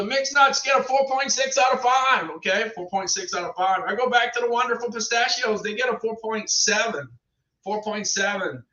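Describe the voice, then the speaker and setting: A man's voice: high-pitched, sharp tone. A middle-aged man hosting a casual livestream, chatting to viewers in a rambling way and repeating his phrases. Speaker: livestream host reviewing products. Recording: roomy, distant, dull lo-fi sound.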